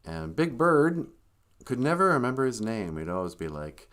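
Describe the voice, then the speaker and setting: A man's voice: on the low side, animated, fairly quick, a bit bright. A man hosting a livestream, telling rambling, jokey stories in casual talk. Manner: rambling, jokey, acts out voices. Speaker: livestream host. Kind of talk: casual comic storytelling.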